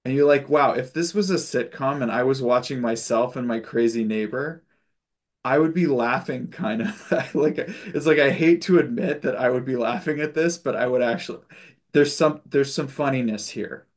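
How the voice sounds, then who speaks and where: A man's voice: medium pitch, moderate pace. A man leading a spiritual discussion group on a video call, telling stories in a loose, chatty way with fillers and restarts and an occasional chuckle. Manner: loose storytelling with frequent fillers and self-corrections.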